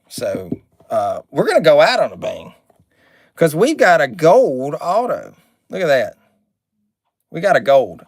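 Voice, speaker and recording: A man's voice: mid-range voice, dry recording, studio quality. A man hosting a live card break stream, chatting, reading out names and card numbers, and sometimes getting irritated.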